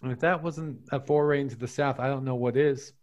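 A man's voice: medium pitch, fairly even intonation, fairly quick, a little mellow, lo-fi sound. Man hosting a comedy podcast, jokey plugs, regular middle voice, easygoing. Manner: jokey, breezy plugging. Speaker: podcast host. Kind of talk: casual comedy podcast outro.

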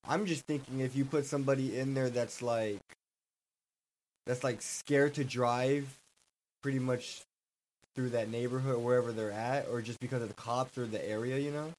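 A man's voice: mid-range voice, moderate pace, slight background noise, poor audio. A man in casual chat with friends, rambling easily with lots of filler words. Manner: relaxed, rambling, lots of "like" and "you know".

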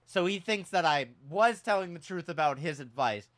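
Lively bright-voiced male podcast host. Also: moderate pace. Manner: animated, jumps into high squeaky voices for jokes. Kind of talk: casual storytelling chat.

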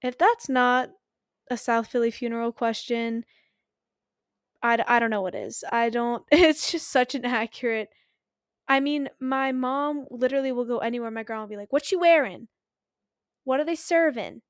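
A woman's voice: fairly high pitch, steady tone, normal speed, clear, resonant tone, dry recording, studio quality. A young woman in her twenties from Philadelphia, hosting a podcast in a candid, self-mocking chat and laughing often. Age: 20s. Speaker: podcast host. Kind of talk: casual solo podcast chat.

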